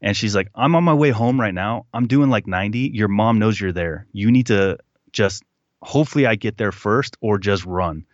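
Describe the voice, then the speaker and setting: A man guest telling a personal story in a casual, animated way, acting out what people said. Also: on the low side, moderate pace, no room sound, highs cut off. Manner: animated retelling, acting out quotes. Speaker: podcast guest.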